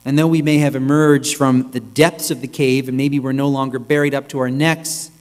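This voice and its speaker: A male rabbi giving a reflective, measured sermon, with pauses, in a synagogue sanctuary. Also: medium pitch, level tone. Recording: long reverb with mains hum.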